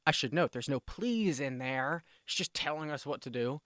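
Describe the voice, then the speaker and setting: Man explaining words in a smooth voice. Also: medium pitch, fairly even intonation, fairly bright tone, no echo, clean studio sound. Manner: explanatory, self-correcting, with brisk demonstrations. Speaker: language teacher. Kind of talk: casual spoken lesson.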